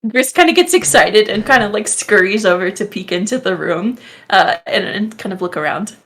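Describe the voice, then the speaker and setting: A woman player in a tabletop role-playing game, narrating her character's actions softly and hesitantly, with many fillers. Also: medium pitch, expressive, moderate pace.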